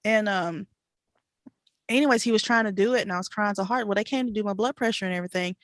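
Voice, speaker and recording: A woman co-hosting a podcast, telling a story in an animated, chatty way with laughs and fillers. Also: medium pitch, fast talker, dry recording, studio quality. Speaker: podcast co-host. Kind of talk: casual storytelling chat.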